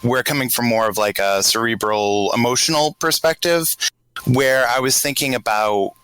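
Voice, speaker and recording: A man with a light Boston accent chats casually on a podcast panel, working through his thoughts aloud. His voice is bright and forward at a middling pitch. The sound is dry and close, with no room echo. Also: normal speed, clean tone. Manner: grows animated telling a scenario. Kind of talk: casual group chat.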